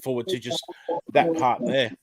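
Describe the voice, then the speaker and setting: A man's voice: mid-range voice, moderate pace, crowd noise. A man co-hosting a casual livestream, speaking hesitantly with many fillers and coughing now and then.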